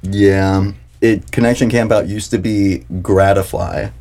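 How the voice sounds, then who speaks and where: A young man from South Carolina hosting a podcast in relaxed casual chat, rambling and saying "dude" and "like" a lot. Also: low voice, measured pace. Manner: laid-back, rambling, heavy on "dude" and "like". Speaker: podcast host.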